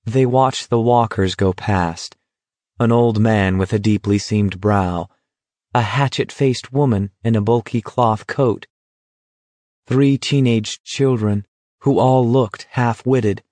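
A man reading a novel aloud in a measured, even storytelling manner. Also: lowish voice, no echo. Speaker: narrator. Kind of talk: audiobook narration.

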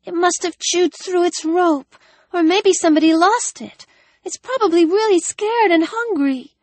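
A woman voicing an excitable little girl. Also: extremely high pitch, measured pace, no room sound, voice pushed up. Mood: worried. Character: chatty young girl, eager and excitable.

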